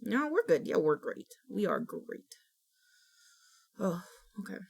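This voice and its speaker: A woman's voice: medium pitch, sing-song, takes it slowly, creaky, slightly rough. A young adult woman streamer in casual live-stream chat, dramatic, breaking into shrieks and groans and restarting her sentences.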